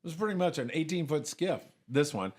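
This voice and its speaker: A man telling stories as a podcast guest in a casual, animated way. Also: fairly high pitch, a little fast, husky. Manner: animated, acts out quoted voices, chuckles often. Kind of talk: casual storytelling.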